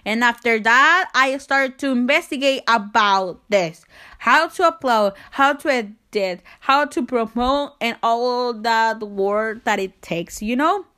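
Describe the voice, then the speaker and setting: A woman's voice: a little high, fairly bright tone. A young woman with a non-native English accent hosting her own podcast, chatting casually and reading from her phone in a self-conscious, laughing way. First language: not English. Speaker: podcast host.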